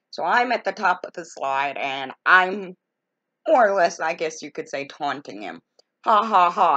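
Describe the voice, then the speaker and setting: A woman's voice: low-pitched, fairly bright tone, highs cut off. A woman telling a story from her own life in a casual, folksy, exasperated way, full of colorful expressions. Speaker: storytelling vlogger.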